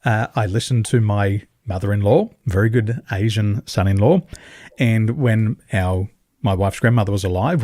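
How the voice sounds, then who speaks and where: A middle-aged man, a podcast guest, telling stories in an animated way and mimicking other voices for effect. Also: on the low side, dry recording, clean studio sound. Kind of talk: conversational interview.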